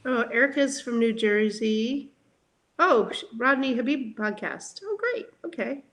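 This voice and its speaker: A woman's voice: on the high side, measured pace, fairly bright tone. A woman hosting a live chat, reading out viewer comments and teasing her co-hosts in an upbeat way.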